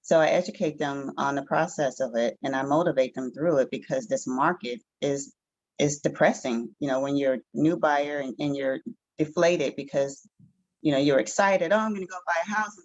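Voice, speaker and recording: A woman's voice: deep voice, normal speed, a little mellow, dry recording. A woman, a real estate agent, explaining her work plainly on a group video call. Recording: dull, dry video-call audio.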